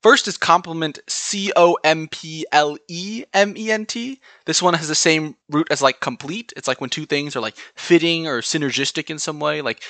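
A man's voice: fairly high pitch, a little fast, hardly any pauses, sharp tone, dry recording. A man with a General American accent hosting a solo podcast, chatting through word lists and spelling words out letter by letter. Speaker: podcast host.

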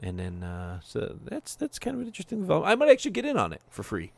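A man co-hosting a podcast, joking around and tossing off sarcastic asides. His voice rises and falls a lot, with a gravelly texture. The sound is dry and close to the mic. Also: on the high side, rapid-fire, no room sound. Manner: animated, jokey, sarcastic asides. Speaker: podcast co-host. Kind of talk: casual podcast chat.

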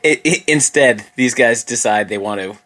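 A man's voice: mid-range voice, a bit bright. A man co-hosting a casual comedy podcast, joking, laughing and swearing. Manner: joking, profane, quick to laugh. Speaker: podcast co-host.

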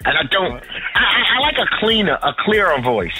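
A man's voice: high-pitched, moderate pace, breathy edge, soft background music, low-quality recording. A man from Harlem talking casually and bluntly, swearing often and restarting his sentences as he argues his opinions. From Harlem, New York. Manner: animated, profane, opinionated, many restarts. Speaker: podcast co-host. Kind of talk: casual chat.

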